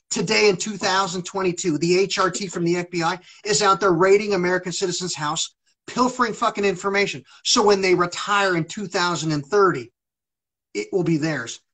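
A man's voice: sits high, fairly bright tone, slightly rough, poor audio. A man talking on a live stream in an agitated, rambling monologue, swearing heavily. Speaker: livestreamer.

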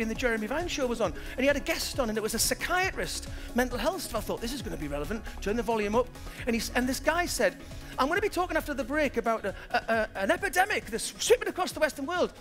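Man, 50s, motivational keynote speaker: very high, brisk, animated storyteller, faint music underneath. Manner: lively storytelling, acts out the people he quotes. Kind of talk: keynote talk to a live audience.

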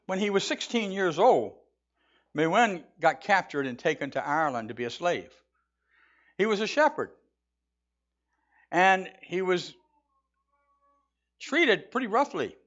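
A man's voice: high voice, lo-fi sound. A man giving a folksy, conversational sermon in a church, mixing jokes with storytelling. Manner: folksy, conversational, with restarts and chuckles. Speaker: church speaker. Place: church sanctuary.

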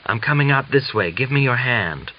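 A man voicing a sleepy, reluctant young woman who speaks softly and hesitantly, in a dull lo-fi audiobook recording. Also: mid-range voice, animated, normal speed, pitched above the performer's own voice, lightly acted. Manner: soft, hesitant.

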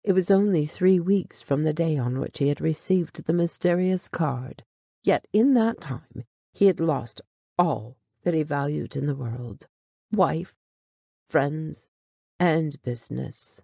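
Brief: measured audiobook narrator for a classic tale, slow pace, dry close sound. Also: medium pitch, vocal fry, dark tone, no echo. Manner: measured, dramatic storytelling.

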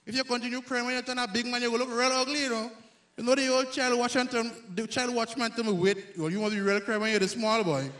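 A man from Grenada with a Grenadian accent, performing a loud, self-mocking stand-up comedy set on stage. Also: extremely high pitch, steady tone, fast. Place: live comedy stage before an audience.

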